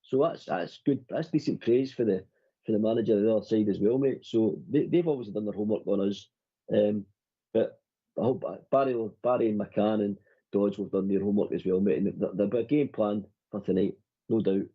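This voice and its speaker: A man's voice: fairly low pitch, a little fast, breathy edge. A man hosting a football fan phone-in, chatting casually and calling his co-host "mate" all the time. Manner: matey, calls the other man "mate" constantly. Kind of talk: casual chat. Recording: dull lo-fi audio.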